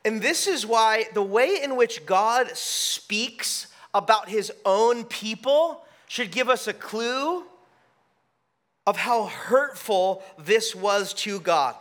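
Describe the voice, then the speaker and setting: Guy preaching a sermon, high bright voice, acts out the back-and-forth, lots of restarts. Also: slow. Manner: animated, acts out dialogue with frequent restarts. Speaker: pastor.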